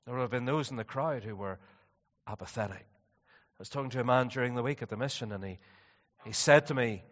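A man preaching a sermon, moving between quiet, reflective passages and loud, animated stretches. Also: mid-range voice, fairly quick. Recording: dull, slightly distant sound with long reverb.

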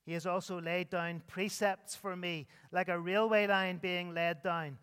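Pastor preaching, earnest, big rises and drops, smooth high voice, church echo. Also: male voice, steady tone, unhurried, a bit bright. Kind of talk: sermon.

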